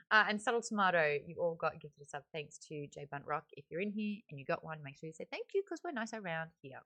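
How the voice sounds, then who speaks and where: A woman's voice: low-pitched, sing-song, fast, hardly any pauses, pushed and bright. Chatty Australian woman streaming live. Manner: chatty, reads viewer comments aloud, breaks into laughter. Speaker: livestream book club host. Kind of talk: casual live-stream chat. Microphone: desk microphone beside a webcam.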